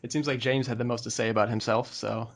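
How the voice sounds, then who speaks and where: A man's voice: mid-range voice, flat delivery, fast talker. A man hosting a casual podcast chat, easygoing and hesitant, with many filler words. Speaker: podcast host.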